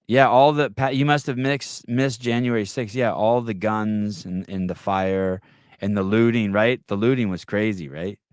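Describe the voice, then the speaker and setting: A man hosting a podcast, chatting casually and telling stories with quick back-and-forth retorts. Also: on the low side, clean tone, no echo, studio quality. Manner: animated storyteller, quick retorts. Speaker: podcast host. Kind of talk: casual chat.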